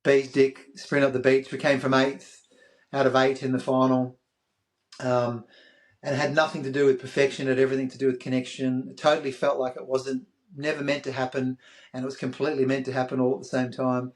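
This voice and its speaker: Speaking fairly quickly in a medium-pitched voice, an Australian podcast guest in his fifties recounts a story in an interview, lively throughout and performing the voices of the people he quotes.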